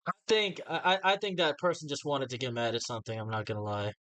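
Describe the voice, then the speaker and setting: A man's voice: medium pitch, sing-song, fast talker, a bit bright. A man co-hosting a casual podcast, telling a laid-back story with frequent stammered restarts. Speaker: podcast co-host. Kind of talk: casual chat.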